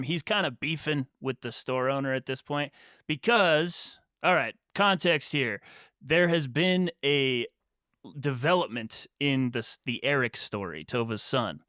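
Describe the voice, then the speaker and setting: A man's voice: mid-range voice, measured pace, dry recording, clean studio sound. A man co-hosting a book podcast, animatedly retelling a story and acting out what characters say. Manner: animated retelling with quoted voices. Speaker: podcast co-host. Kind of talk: casual book discussion.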